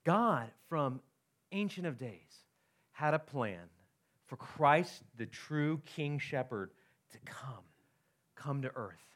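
Male pastor, sermon, conversational and animated, pitch swings a lot. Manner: conversational, asks "right?" often, reads scripture aloud.

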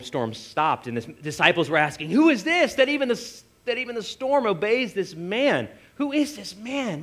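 Animated male preacher, higher voice. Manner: animated storytelling, acting out disciples' voices. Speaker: pastor. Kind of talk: sermon.

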